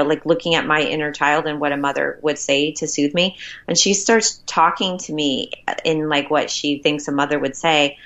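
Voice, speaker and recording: A woman's voice: low-pitched, fairly bright tone. A woman co-hosting a podcast, sharing a personal story in an earnest, open way. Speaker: podcast co-host. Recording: dull lo-fi sound.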